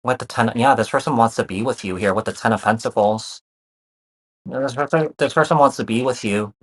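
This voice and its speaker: Speaking briskly in a mid-range voice, this tarot reader offers a laid-back reading to his viewers. He circles back over the same phrases, fills gaps with "you know" and "kinda," and keeps a reassuring tone.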